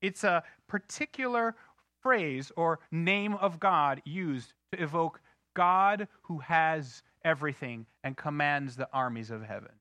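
A married man preaching a sermon, swinging from loud outbursts to hushed, slow emphasis. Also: a little high, no room sound. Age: adult, married. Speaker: pastor.

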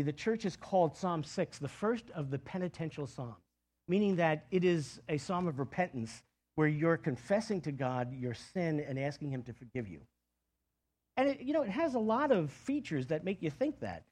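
A man preaching a Bible-study sermon, reading a psalm aloud and then explaining it in a conversational, animated way, often restarting his phrases. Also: a little high. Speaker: pastor.

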